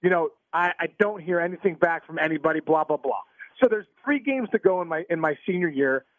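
A man telling stories as an interview guest, animated and stammering through restarts, laughing as he goes. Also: high-pitched, a little fast, dry recording. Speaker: guest, former pro ballplayer. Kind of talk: casual storytelling interview. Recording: tinny phone-line sound, dry.

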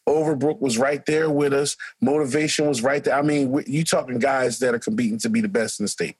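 Husky, loud coach. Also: male voice, mid-range voice, fairly quick, no room sound, rough recording. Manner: loud, animated storyteller. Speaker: track and football coach, co-host. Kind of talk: casual podcast conversation.

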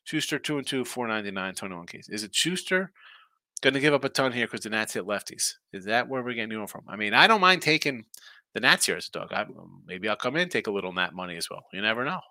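Bright-voiced man rambling through betting picks. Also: lowish voice, sing-song, fast talker, no echo. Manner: rambling, thinking aloud, reacting to chat comments. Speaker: sports betting picks host. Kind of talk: casual live-stream chat.

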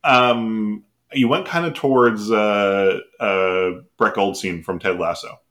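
A man's voice: lowish voice, slow pace, a bit bright. A young man co-hosting a sports podcast, teasing his co-host in playful banter. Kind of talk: casual chat.

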